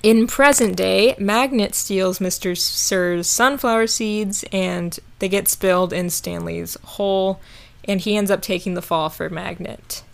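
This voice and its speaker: A woman co-hosting a casual podcast chat leads a film recap in a mid-range voice, a little slow and marked by vocal fry. She's chatty, leaning heavily on fillers like "like."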